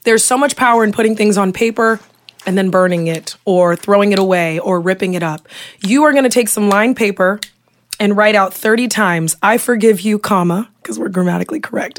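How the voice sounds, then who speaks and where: A young woman co-hosting a podcast in a studio, talking casually and candidly, swearing and laughing often. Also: mid-range voice. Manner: candid, profane, laughs a lot. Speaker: podcast co-host. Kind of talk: casual chat.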